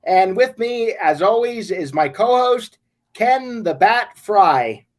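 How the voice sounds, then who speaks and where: A man from the Las Vegas area hosting a casual sports talk show, halting, with stammered restarts and many "you know"s. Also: high-pitched, lively intonation.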